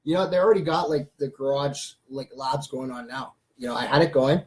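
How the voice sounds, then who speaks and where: A man's voice: mid-range voice, a little fast. A young man, hosting a rambling, casual livestream chat and reading viewer comments aloud. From Canada. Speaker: livestream host.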